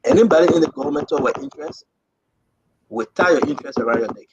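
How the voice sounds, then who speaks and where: A man's voice: on the high side, big pitch swings, fast, dull audio, noisy background. A man with a Liberian accent hosting a livestream, giving an impassioned political address to his online viewers with rousing, repetitive rallying cries. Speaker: livestream host.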